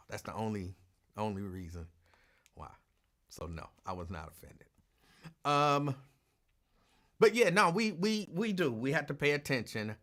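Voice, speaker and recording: A woman hosting a call-in talk show, chatting casually with callers and telling animated stories with laughs. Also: extremely low pitch, a little slow, pauses often. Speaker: radio talk show host.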